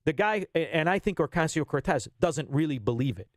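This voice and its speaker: A fifty-something man rants bluntly on talk radio, his voice sitting fairly high for a man. He lurches from punchy outbursts to low, muttered asides. The sound is close and dry. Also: sing-song, a little fast, no room sound. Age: 50s. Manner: blunt, ranting, swings between loud and low. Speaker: radio guest. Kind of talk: heated political radio talk.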